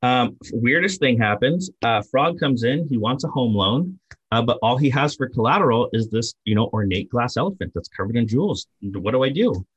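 A man's voice: medium pitch, lively intonation, normal speed, breathy edge, dull audio. A man voicing a chatty, accommodating female bank loan officer inside a told joke. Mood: friendly.

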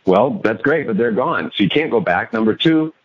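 Animated storytelling man. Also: mid-range voice, moderate pace, gravelly, muffled recording. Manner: animated storyteller, acts out his own lines. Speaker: guest, coach and author. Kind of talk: storytelling interview talk.

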